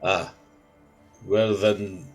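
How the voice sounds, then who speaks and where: A man voicing a weary, guarded middle-aged father who speaks with quiet, stiff formality. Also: low voice, little pitch movement, drawn-out words, faint music behind, pitched below the performer's own voice.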